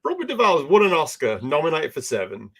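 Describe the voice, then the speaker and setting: A man's voice: fairly high pitch, wildly swooping pitch, brisk, vocal fry, a bit bright, slightly rough. A man co-hosting a sports podcast, talking casually and with strong opinions, laughing easily. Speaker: podcast co-host.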